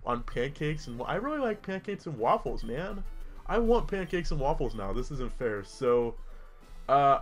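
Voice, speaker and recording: A young man giving casual, rambling commentary while playing a video game, full of jokey asides. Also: medium pitch. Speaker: gaming YouTuber. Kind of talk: casual let's-play commentary.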